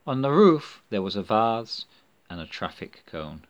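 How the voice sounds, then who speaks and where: A man's voice: lowish voice, lo-fi sound. A man reading a children's storybook aloud. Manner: slow, expressive reading. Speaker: narrator. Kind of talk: storybook narration.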